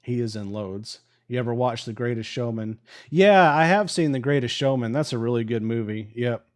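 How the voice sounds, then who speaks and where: Relaxed male live-stream host, medium voice, chatty storyteller who cusses easily. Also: mid-range voice, normal speed. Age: adult with a wife. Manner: laid-back, swears casually, laughs while telling. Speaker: livestream host. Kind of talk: casual storytelling. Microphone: live stream microphone.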